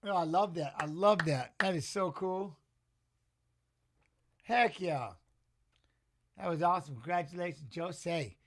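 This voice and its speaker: A man hosting a live watch-along stream, chatting casually, reacting with excitement and answering viewers in the chat. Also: high-pitched, a little slow, pauses often.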